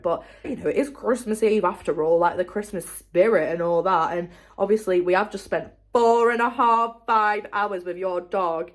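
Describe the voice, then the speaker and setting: A young woman, telling a story in a chatty, animated, sweary way for her vlog. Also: on the low side, moderate pace. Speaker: vlogger.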